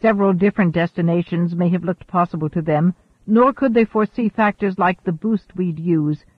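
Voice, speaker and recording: A man's voice: high-pitched, dry recording. A man reading the lines of a weary, ageless male seafarer among space travelers in an audiobook. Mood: earnest. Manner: earnest, halting. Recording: thin phone-like dry audio.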